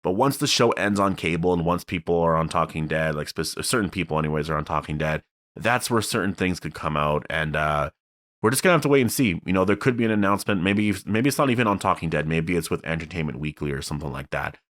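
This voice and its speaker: A man with a very low voice talks through his thoughts on a TV series in a casual, rambling way. He leans on fillers and trails back to restart his sentences. The sound is close and dry, with no room around it. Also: lively intonation, fast talker, fairly bright tone, no room sound. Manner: rambling, filler-heavy, self-correcting. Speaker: TV show commentator. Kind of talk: casual spoken commentary.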